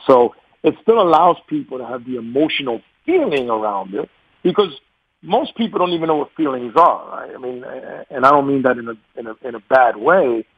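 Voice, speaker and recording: A man in his forties with a New York accent, a radio guest talking in a casual, animated way, laughing often and repeating words as he restarts. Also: medium pitch, breathy edge, no echo. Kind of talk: casual interview talk. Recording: dull, muffled radio sound, dry.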